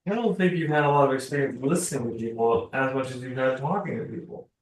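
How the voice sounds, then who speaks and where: A man's voice: medium pitch, quick pace. A man playing a tabletop game, talking through plans with dry jokes. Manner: wry, joking, talks plans through. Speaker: tabletop player. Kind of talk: casual tabletop chat. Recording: echoey room, distant mic.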